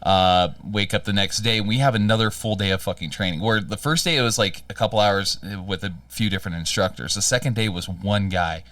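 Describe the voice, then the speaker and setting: A man's voice: on the low side, brisk, few pauses, fairly bright tone, dry recording, recorded from a distance. A man co-hosting a podcast, telling a rambling, profane story in casual chat. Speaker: podcast co-host.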